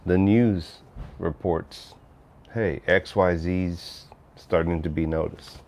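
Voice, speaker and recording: Deep-voiced man chatting on a livestream. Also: steady tone, takes it slowly, darkish tone. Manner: rambling, conversational, reads chat aloud. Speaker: livestream host. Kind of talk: casual livestream chat.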